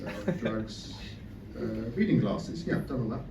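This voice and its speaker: A man's voice: medium pitch, big pitch swings, unhurried, noisy background. A man doing a stand-up comedy set and crowd work in a club. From England. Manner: crowd work, swears freely. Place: comedy club stage with audience. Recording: distant roomy live club recording.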